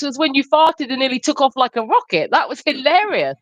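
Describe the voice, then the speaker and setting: A woman's voice: big pitch swings, a little fast, hardly any pauses, no room sound. A woman co-hosting a livestream, chatting in a giggly, teasing way. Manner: giggly, teasing, swoops up in pitch. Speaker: livestream co-host. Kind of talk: casual livestream banter.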